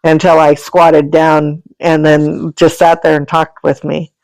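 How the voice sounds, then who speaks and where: A woman's voice: sits low, flat delivery, a little slow, gravelly, a little mellow, no room sound, rough recording. A woman telling animal stories as a podcast guest, chatty and rambling, laughing often. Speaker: guest, animal sanctuary founder and energy healer. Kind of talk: casual storytelling conversation.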